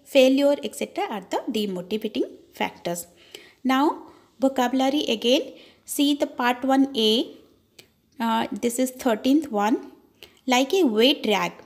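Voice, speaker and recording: A woman teacher explaining an English lesson, calling her listeners children and drilling words slowly and with repetition. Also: sits high, darkish tone. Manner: addresses the class as children, slow, repeats words to drill them.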